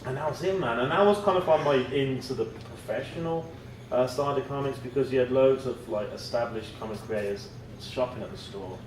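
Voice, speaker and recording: A man's voice: medium pitch, fairly quick. Rambling man, roomy and distant. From England. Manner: rambling, laughing, swearing, quoting people in lively voices. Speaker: guest, comic writer. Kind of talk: casual storytelling chat. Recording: roomy, off-mic, noisy podcast.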